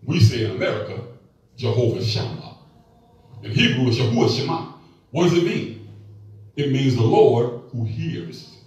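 A man's voice: mid-range voice, expressive, normal speed, darkish tone. A middle-aged male pastor preaching a sermon, with call-and-response to the congregation and playful asides. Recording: echoey room, mic at a distance.

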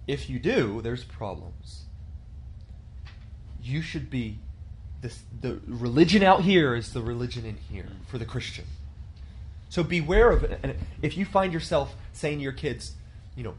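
A man's voice: mid-range voice, animated, unhurried, slight background noise. A man in his thirties teaching a church leadership class in a conversational way, asking the class questions and acting out quotes.

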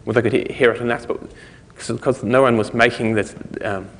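A man with a New Zealand accent talks through a technical topic at a conference, at a middling pitch, wandering through his points with plenty of ums, restarts and little laughs. His voice carries a long reverb from a large lecture hall. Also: fairly even intonation, brisk, a bit bright. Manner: loose and rambling, many fillers and restarts, chuckling asides. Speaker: conference speaker.

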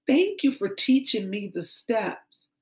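A woman voicing an excitable little girl about to start kindergarten, with an eager, childlike manner. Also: slow, reverberant. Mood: calm, grateful. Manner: squealing, eager, high and childlike.

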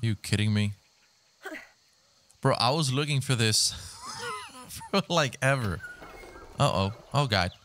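A young man giving excitable, swearing commentary while he plays a video game on a headset mic. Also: medium pitch, takes it slowly, long pauses, slight background noise. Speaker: gaming YouTuber. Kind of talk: live gameplay commentary. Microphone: gaming headset.

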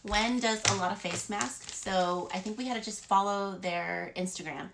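A woman's voice: medium pitch, moderate pace, gravelly, background noise. A woman vlogger chatting casually about free beauty products, rambling with frequent fillers. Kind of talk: casual haul chat.

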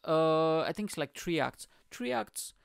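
A young man telling a comedy-gig story in a casual, animated monologue, swearing and acting out the scene. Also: fairly high pitch, a little slow, creaky, smooth, no room sound, studio quality. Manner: animated, swearing, acts out scenes with chummy slang. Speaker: stand-up comedian and podcast host.

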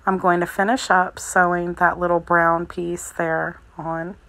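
Woman, slightly low voice, crochet tutorial, calm, methodical, step-by-step narration. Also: a little slow, rough recording. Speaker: crochet instructor.

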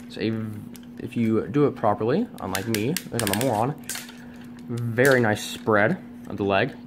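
A man's voice: lowish voice, normal speed, noisy background. A man reviewing a toy at home on camera, rambling and self-deprecating, with many fillers and restarts. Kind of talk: casual unscripted review. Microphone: camera on a tripod.

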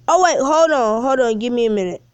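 A woman's voice: on the high side, expressive, a little fast, clear, resonant tone, no echo. A woman live-streaming a mobile game on her phone, chatting in slang and whining about lag. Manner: slangy, calls viewers bro and man; whiny complaints about lag. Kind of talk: casual game streaming chat.

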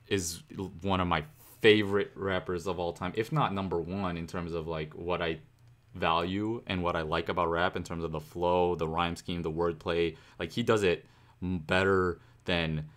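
A young man hosting a casual music reaction, talking through rhyme schemes and reciting lyrics to pick them apart. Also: deep voice.

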